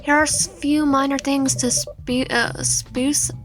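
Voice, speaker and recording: A woman's voice: high-pitched, level tone, slow, pitched above the performer's own voice. A woman voicing a curt, dismissive male building manager in a game read-aloud. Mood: gruff.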